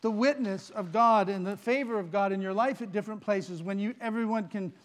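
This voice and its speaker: A male pastor in the middle of a sermon, speaking in a notably high voice. He preaches in an animated, playful storytelling manner. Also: a little fast.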